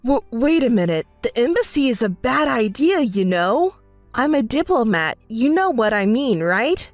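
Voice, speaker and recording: A woman's voice: a little high, sing-song, moderate pace, no echo, soft background music. A woman doing an evasive young husband. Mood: nervous. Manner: placating, apologetic.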